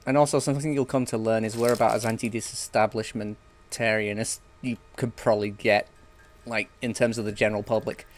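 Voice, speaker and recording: A man's voice: lowish voice, flat delivery, a little fast. A young man streaming a game, rambling and joking casually with some swearing. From England. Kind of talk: casual gameplay chat.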